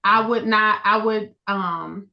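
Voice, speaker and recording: A woman's voice: mid-range voice, takes it slowly, gravelly. A woman from the Midwest with a light Southern accent, telling a story in a casual chat and acting out quotes. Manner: animated storyteller, laughs often, acts out quotes. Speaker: podcast co-host. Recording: dull lo-fi audio.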